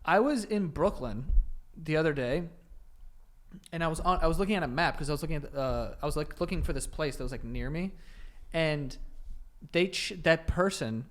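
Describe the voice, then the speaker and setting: A young man hosting a podcast in a loose, sarcastic style. His voice swings a lot in pitch as he jokes. He laughs easily, and his voice sits fairly high. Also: moderate pace. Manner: animated, sarcastic, laughs often. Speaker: podcast host. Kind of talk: casual podcast banter.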